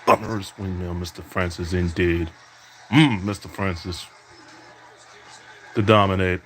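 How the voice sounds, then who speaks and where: A man with a fairly low voice trash-talks his way through a basketball video game. He imitates an announcer's calls and taunts his opponent as he plays. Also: fairly even intonation, unhurried, a bit bright. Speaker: podcast host playing a basketball video game. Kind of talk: trash-talking play-by-play over gameplay.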